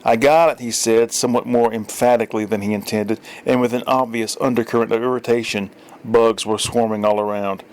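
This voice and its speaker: A man's voice: on the low side, little pitch movement, fairly quick, darkish tone. Wry man reading a story. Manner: wry, dry storytelling with small self-corrections. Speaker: story reader. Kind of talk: audiobook narration.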